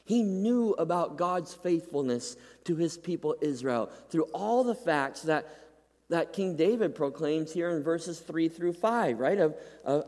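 A male preacher delivering a sermon with a fairly high voice that carries a long hall reverb. He builds to loud, pleading peaks, then drops low and hushed, tossing in a quick "right?" to keep the congregation with him. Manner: emphatic, dramatic rises and hushed drops, repeats "right?".

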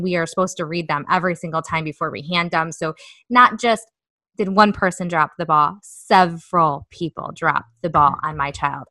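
Woman, 30s, co-host; bright tone, dry close sound, animated storyteller. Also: lowish voice, no room sound. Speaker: podcast co-host. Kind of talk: casual storytelling chat.

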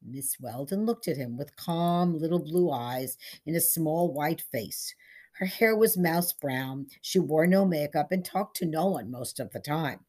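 A woman reading a short story aloud as scripted narration, in a measured storytelling manner. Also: low-pitched, expressive, warm tone. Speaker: story reader.

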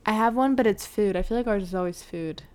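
A woman's voice: medium pitch, quick pace, darkish tone, clear, resonant tone. A young woman co-hosting a podcast in casual chat, talking loosely with many fillers and small stumbles. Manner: chatty, filler-heavy, light stumbles. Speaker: podcast co-host.

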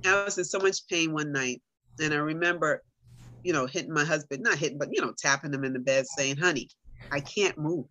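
A woman's voice: deep voice, a little fast, bright, forceful tone, no echo, dull audio. A middle-aged woman in casual conversation, telling her own story animatedly and talking straight to her listeners. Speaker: guest sharing her story.

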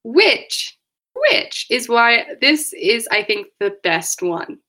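A woman co-hosting a casual podcast chat, retelling scenes with quick laughs and playful quoted voices. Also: a little high, very animated, sharp tone. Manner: laughing, storytelling, acts out lines in quoted voices. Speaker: podcast co-host.

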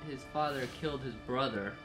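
A man's voice: medium pitch, brisk, over music, rough recording. A man co-hosting a casual podcast, chiming in with corrections and short quips. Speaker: podcast co-host. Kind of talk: casual chat.

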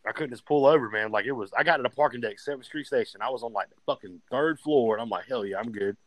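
A man's voice: medium pitch, quick pace, no room sound, rough recording. A man telling profane stories in casual podcast chat. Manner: profane, animated storytelling. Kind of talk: casual storytelling.

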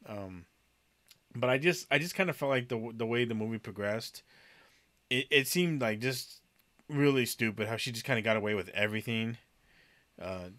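A man's voice: fairly low pitch, fairly bright tone, no echo. A man co-hosting a casual movie review chat in a laid-back, hedging way. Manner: laid-back, hedging, says kinda and like a lot. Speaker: podcast co-host.

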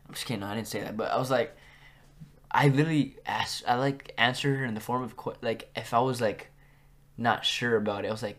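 A young man hosting a podcast, telling school stories in a casual, animated way and acting out what people said. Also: medium pitch, fast. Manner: animated, acts out quotes with big jumps in loudness. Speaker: podcast host. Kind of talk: casual storytelling.

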